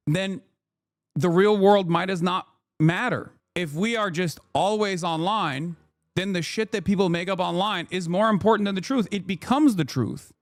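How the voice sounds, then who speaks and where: A man's voice: fairly high pitch, no room sound. A man, ranting and swearing as he comments on a livestream. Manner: heated, ranting, swears often. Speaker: streamer.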